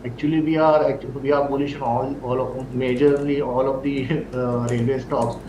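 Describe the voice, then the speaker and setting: A man's voice: mid-range voice, level tone, moderate pace, noisy background. A man with an Indian English accent giving stock trading advice as a remote guest analyst. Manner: plain advisory, occasional restarts. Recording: distant, roomy, dull remote line.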